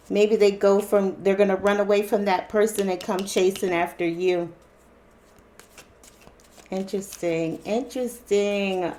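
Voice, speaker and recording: A woman's voice: medium pitch, a little mellow, slight background noise. Chatty woman reading tarot cards. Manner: chatty, repetitive, exclaiming "wow" and "interesting"; addresses viewers directly with fillers. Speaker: tarot reader. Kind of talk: casual tarot reading for viewers.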